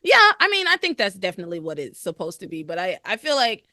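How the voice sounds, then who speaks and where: Woman, podcast host, casual recap, sharp bright tone, dry close sound. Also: medium pitch, fast talker, no echo. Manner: animated, laughs often, acts out characters' lines.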